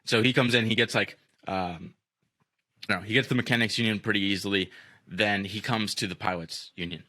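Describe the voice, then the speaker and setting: Young male podcast host, deep bright voice, rambling profane storyteller. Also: steady tone, moderate pace, no echo, studio quality. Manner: profane, rambling with many fillers. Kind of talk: casual storytelling chat.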